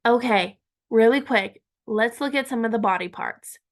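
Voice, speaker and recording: A woman teaching a Spanish lesson, saying each word slowly and repeating it for learners. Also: a little high. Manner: slow and deliberate, repeating words for learners. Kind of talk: language lesson.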